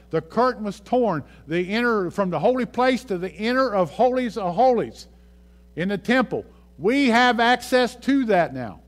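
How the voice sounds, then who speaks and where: A male pastor preaching a sermon, reading scripture aloud and repeating key phrases for emphasis. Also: high voice.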